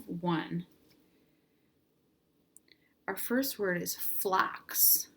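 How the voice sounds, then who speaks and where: A woman teacher giving an online reading lesson, reading out vocabulary words slowly and prompting children at home to repeat them. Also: on the low side, a little hiss or hum. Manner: slow, clear word drills with prompts.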